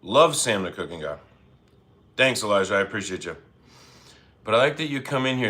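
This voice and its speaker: A man hosting a casual cooking livestream from his home kitchen, chatty and laid-back, with quick apologetic asides as he reads chat. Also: lowish voice, lively intonation, pushed and bright.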